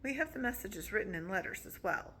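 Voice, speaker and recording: A woman reading a gentle, formal young princess. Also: medium pitch, animated, a little fast, a little hiss or hum. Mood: earnest.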